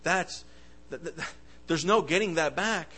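A man delivers a fervent sermon in a slightly high voice. He swings between loud, emphatic bursts and hushed asides. He often stumbles and restarts his words as he goes. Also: unhurried, a little hiss or hum, low-quality recording. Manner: impassioned, swings loud and soft, stammering restarts. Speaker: preacher.

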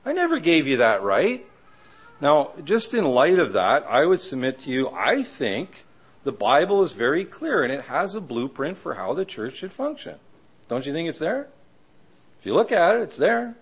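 Middle-aged male preacher, lively pitch, chatty sermon with acted-out voices. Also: moderate pace, husky. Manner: conversational, asks the audience "right?" often; acts out quoted people with sudden high voices. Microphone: live audio of a church talk.

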